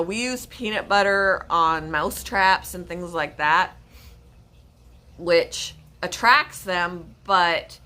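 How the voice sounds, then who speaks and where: A woman's voice: fairly low pitch, sharp tone. A woman hosting a pet channel, chatting casually on a livestream in a rambling way, often stopping to correct herself.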